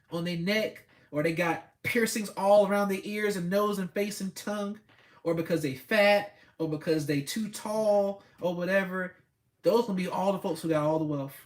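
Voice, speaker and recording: A man giving a blunt, preachy motivational talk with speech, repeating himself for emphasis. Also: high voice. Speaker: host.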